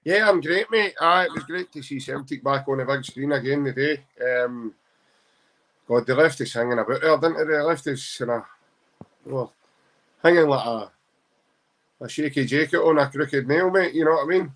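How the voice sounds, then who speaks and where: A Scottish man from Glasgow, a guest on a casual podcast, talking in a jokey, animated, self-mocking way. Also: a little high, moderate pace. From Glasgow, Scotland.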